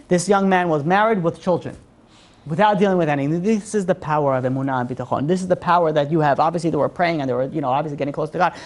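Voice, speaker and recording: A woman teaching a religious class, telling stories in a lively way with many "you know, like" fillers and acted-out quotes. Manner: animated storyteller, acts out quotes with big pitch jumps. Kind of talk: religious lesson storytelling.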